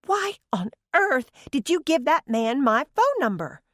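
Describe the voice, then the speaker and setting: A woman's voice: medium pitch, big pitch swings, a little fast, no room sound, studio quality, voice pushed up, close to an everyday voice. A woman voicing a suspicious, blunt grown daughter in an audiobook. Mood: irritated. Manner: sharp, insistent.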